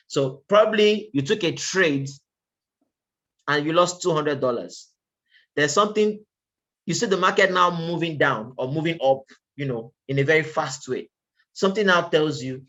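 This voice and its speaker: A man's voice: fairly high pitch, moderate pace, fairly bright tone, muffled recording. A man presenting a trading webinar in a casual, conversational way, often checking in with "okay" and pressing his points with rhetorical questions.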